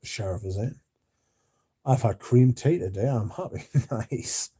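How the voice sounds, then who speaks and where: A drowsy man rambling through a late-night livestream chat. His voice is very dark and mellow, with a husky edge, and he mumbles now and then as he reads messages aloud. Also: medium pitch, expressive, a little slow. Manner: drowsy, yawning, mumbles at times. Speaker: livestream host reading chat.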